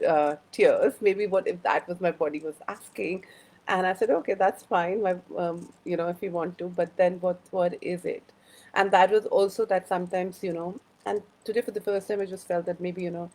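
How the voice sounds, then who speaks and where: A woman hosts a casual live-stream chat. She rambles through personal stories and greets viewers by name. Her voice sits low and has a gravelly, fry-edged texture. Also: a little mellow, poor audio. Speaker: host of a live wellbeing chat.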